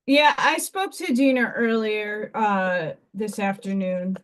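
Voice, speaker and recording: A woman's voice: mid-range voice, slow. A woman hosting a casual live craft stream from home, chatting and rambling to herself as she works. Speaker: livestream host.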